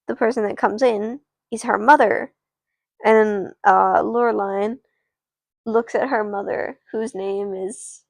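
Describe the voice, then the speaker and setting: A woman's voice: mid-range voice, vocal fry, no room sound. A sleepy woman narrating a doll story on a live stream, rambling and chatting with viewers. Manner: rambling, with restarts and asides to viewers.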